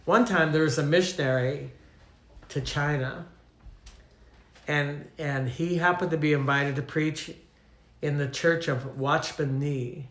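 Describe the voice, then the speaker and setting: Canadian preacher telling stories. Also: male voice, a little high, steady tone, unhurried, pauses often, fairly bright tone, reverberant. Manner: storytelling, conversational, asks the audience questions. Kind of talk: teaching sermon.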